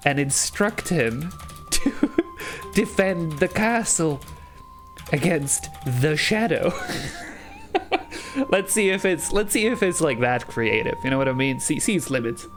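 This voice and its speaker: A man casually commenting while playing an AI role-play game, reading its text aloud, laughing often and swearing. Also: on the high side. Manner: quieter, softer delivery later on.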